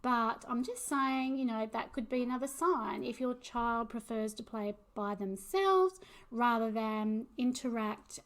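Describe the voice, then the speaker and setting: A woman's voice: fairly high pitch, measured pace. A woman in her forties talking casually to camera as a parent, unscripted and hesitant, with many fillers. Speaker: vlogger and parent of autistic children.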